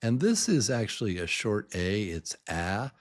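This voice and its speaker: An older man teaching English pronunciation to beginners, repeating each word many times and stretching his pitch up and down to show the stressed syllable. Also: big pitch swings, a little slow. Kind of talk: slow, deliberate pronunciation lesson.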